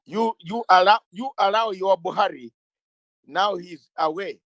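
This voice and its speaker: A middle-aged man with a notably high-pitched voice holds forth in an interview like a lawyer making a case. He speaks emphatically, stacks up rhetorical questions and repeats key words. The sound is dry, with almost no room echo. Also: measured pace, fairly bright tone. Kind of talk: impassioned interview talk.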